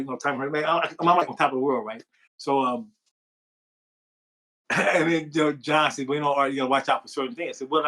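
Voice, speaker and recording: A man, a former boxer, telling stories in an interview with a rambling, animated manner and many fillers. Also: mid-range voice, low-quality recording. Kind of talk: storytelling interview.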